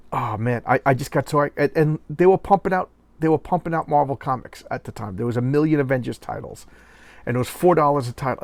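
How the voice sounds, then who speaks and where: A man's voice: medium pitch, no echo. A man reviewing a comic book in a casual rant, exasperated and sarcastic, often repeating himself.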